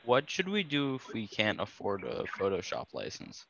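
A man's voice: on the low side, wildly swooping pitch, normal speed, creaky, a bit bright, highs cut off. A man in class asking the teacher polite, practical questions.

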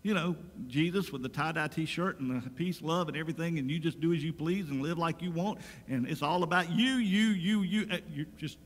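A man's voice: on the high side, a little fast, few pauses. A pastor giving a sermon, reading scripture aloud and talking to his congregation in a conversational way that rises into emphatic preaching. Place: church sanctuary. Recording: long reverb of a church sanctuary.

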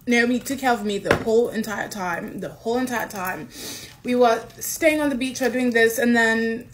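A young woman from Kenya, telling a personal story in a casual, excitable way and acting out what others said. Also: on the high side, normal speed, noisy background. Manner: animated, excitable, acts out quotes.

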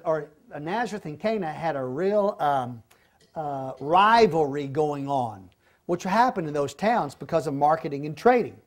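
A man, older, teaching a Bible study lesson and acting out the quoted lines with animation. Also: high-pitched.

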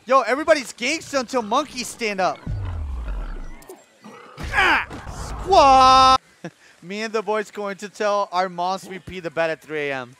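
A man streaming a video game, talking to his chat in excitable, profane commentary that breaks into sudden yelps and shouts. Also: sits high, measured pace, long pauses, soft background music. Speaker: gaming streamer.

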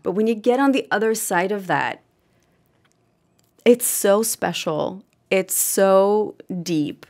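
A woman's voice: mid-range voice, expressive, takes it slowly. A woman in her thirties, a podcast guest, giving earnest, heartfelt advice on partnership in a casual conversation.

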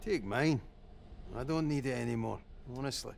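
An actor playing a weary, dry-humoured Scottish oil rig electrician in a video game. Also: male voice, mid-range voice, moderate pace, gravelly, slight background noise, lightly acted.

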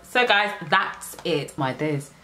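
A young woman chatting casually to her viewers in a home hair care vlog, with lively exclamations. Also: sits low, slow. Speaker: natural hair vlogger.

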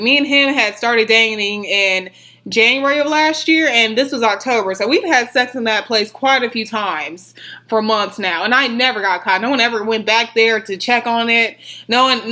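A young woman telling a story on her vlog, rambling and swearing as she retells it in an animated way. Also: on the high side. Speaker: vlogger.

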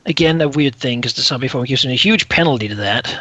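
A man's voice: medium pitch, fast talker, sharp tone. A man playing a tabletop game online, talking casually and hesitantly with many fillers. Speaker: player.

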